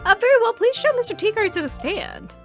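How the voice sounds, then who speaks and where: A woman voicing a timid, flustered elderly male judge who stammers nervously in a high voice. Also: animated, brisk, faint music behind.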